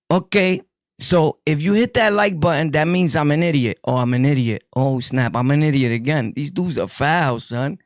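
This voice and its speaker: A man with a New York accent telling his prison stories to viewers in a casual, jokey way, full of street slang and quick laughs. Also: fairly high pitch, no room sound, clean studio sound.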